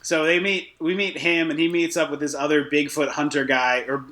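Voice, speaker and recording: A man co-hosting a casual film podcast, talking in an animated, jokey way and readily conceding points. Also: fairly high pitch, normal speed. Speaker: podcast co-host.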